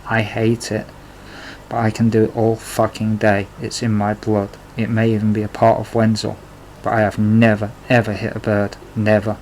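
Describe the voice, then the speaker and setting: Low, flat-voiced man telling his story. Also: moderate pace, slight background noise, low-quality recording. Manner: plain, confessional narration with blunt swearing. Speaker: narrator. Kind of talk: memoir storytelling.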